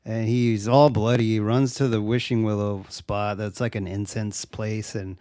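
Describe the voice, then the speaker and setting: A man's voice: on the low side, level tone, measured pace, dark tone, no echo, clean studio sound. A man co-hosting a podcast, casually retelling a horror movie with lots of swearing and laughter, jumping into raised voices for quoted lines. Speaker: podcast co-host.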